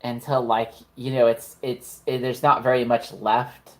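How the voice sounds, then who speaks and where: A woman's voice: extremely low pitch, flat delivery, measured pace. A woman narrating a tabletop horror game as game master, casual and profane, with lots of "like" fillers.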